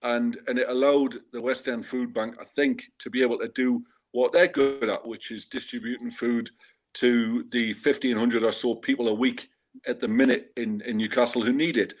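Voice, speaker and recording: A man's voice: mid-range voice, fairly even intonation, moderate pace. A man who is a fan and a food bank organizer, telling a long, digressive story in a chatty way with dry humour. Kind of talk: casual anecdotal storytelling.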